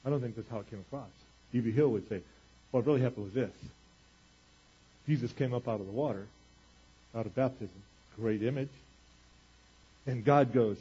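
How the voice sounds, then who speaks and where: A man preaching a sermon, moving from quiet earnest talk to booming exclamations. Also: normal speed, pauses often, husky, muffled recording. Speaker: pastor.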